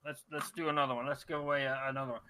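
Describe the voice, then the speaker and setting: A man's voice: medium pitch, flat delivery, racing, pushed and bright, a little hiss or hum, rough recording. A man hosting a talk radio show, rambling and profane, with lots of restarts and fillers. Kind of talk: casual crude talk radio banter.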